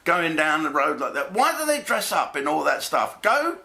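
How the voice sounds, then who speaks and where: Swearing comic with a bright voice. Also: male voice, a little high, very animated, moderate pace, gravelly. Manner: blokey, swearing, jokey asides and put-on voices. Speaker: comedian host. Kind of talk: comic monologue to camera.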